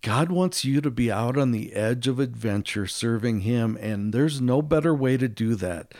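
An animated middle-aged American man tells his stories as a podcast guest and leaps into higher voices to act out what others said. His voice sits in a middle register, and it sounds dry and close to the mic with no room around it. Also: moderate pace, dry recording. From United States. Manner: animated storyteller, acts out quotes with big pitch jumps. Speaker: guest, ministry author. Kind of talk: storytelling in a podcast interview.

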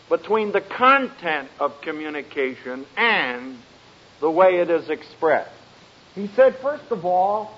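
A man speaking to an audience as a family counselor, telling stories in a slow, emphatic way with dry humor. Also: fairly high pitch. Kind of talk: speech to an audience. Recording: dull lo-fi recording.

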